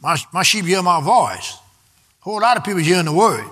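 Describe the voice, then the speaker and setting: Preacher guy, really lively swooping pitch, emphatic, keeps asking the crowd to answer. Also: a little fast. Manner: emphatic preaching, call-and-response with the congregation. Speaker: pastor. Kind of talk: sermon.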